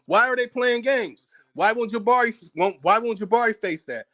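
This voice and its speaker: A man's voice: very high voice, normal speed, pushed and bright. An American man hosting his own channel, delivering a heated, profane commentary rant, combative and repeating words as he gets worked up. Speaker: channel host.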